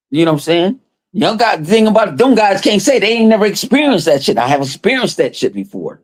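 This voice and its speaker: High-pitched and quick, this podcast host spins stories in a loose, profane way. He keeps the chat lively by quoting people in different voices.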